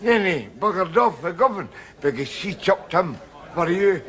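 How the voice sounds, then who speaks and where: A man's voice: high voice, expressive, normal speed, fairly bright tone, slight background noise. An actor playing a boozy, belligerent middle-aged Scottish man who blusters and stammers in a sitcom. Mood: blustering. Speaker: sitcom lead. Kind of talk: sitcom acting.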